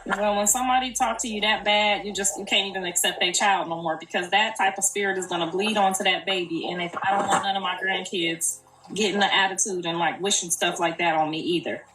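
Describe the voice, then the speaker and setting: A woman's voice: medium pitch, steady tone, brisk, fairly bright tone. An older woman, a grandmother, talking casually and earnestly on a live stream, repeating herself in colloquial speech. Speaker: grandmother speaking on a live video. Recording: echoey, distant, noisy.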